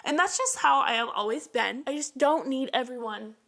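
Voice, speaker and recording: Young woman, podcast host, bright clear tone, slightly high voice, candid chatty monologue, emotional and open. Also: moderate pace. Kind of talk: casual personal podcast monologue.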